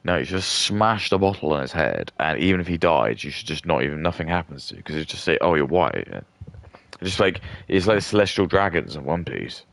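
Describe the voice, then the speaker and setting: A streamer with an extremely deep, gravelly voice full of fry rambles through casual commentary, talking fast with lively intonation, few pauses and a fairly bright tone. He piles on filler words and trails off into restarts, and the sound is close and dry with no echo or room around it.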